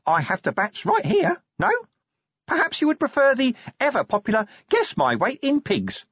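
A man's voice: extremely high pitch, huge pitch swings, normal speed, fairly bright tone, husky, no room sound, highs cut off, pitched above the performer's own voice, heavily acted. A man voicing a small, eager imp that lives inside a pocket organizer and babbles at its owner. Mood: eager shrill.

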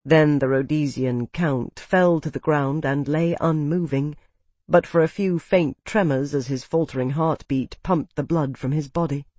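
An audiobook narrator reading a fantasy novel in a steady, expressive, dramatic way. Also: medium pitch, unhurried, no room sound.

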